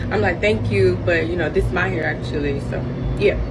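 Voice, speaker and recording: A woman telling a storytime vlog in a blunt, animated, indignant way. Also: mid-range voice, normal speed, very noisy.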